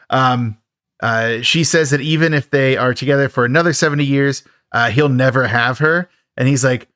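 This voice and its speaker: A man talks through a film's plot on a podcast, loose and rambling, with lots of fillers and wry asides. His voice sits in a middle pitch. The sound is dry and close to the mic. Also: steady tone, a little fast, a bit bright, no echo. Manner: rambling, filler-heavy, laughs at the film. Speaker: podcast host. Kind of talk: casual film recap.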